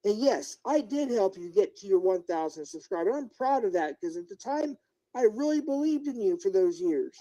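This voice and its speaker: A man's voice: high voice, lively intonation, moderate pace, mellow, poor audio. Agitated middle-aged man ranting on a livestream. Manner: agitated, indignant, talks straight to viewers and chat. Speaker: YouTuber live-streaming to chat. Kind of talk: unscripted livestream rant.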